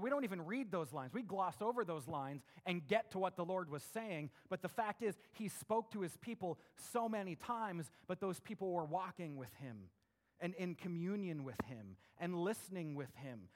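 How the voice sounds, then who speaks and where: A middle-aged man preaching a sermon in a conversational way, often checking in with "right?" and acting out voices. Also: sits high. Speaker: pastor.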